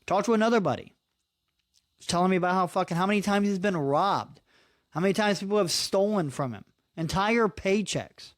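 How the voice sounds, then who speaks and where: Recorded dry in a clean studio, a high-voiced podcast host in his thirties talks fairly quickly through a solo rant. He sounds frustrated, swears casually, and keeps saying "dude" and "man."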